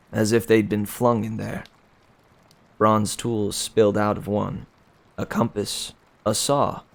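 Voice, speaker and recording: Slow gravelly man reading a novel. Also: on the low side. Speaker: reader.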